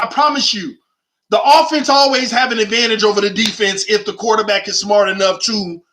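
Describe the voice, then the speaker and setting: A man's voice: very high-pitched, sharp tone. A man hosting his own sports channel, arguing his points emphatically and repeating them for effect in casual commentary.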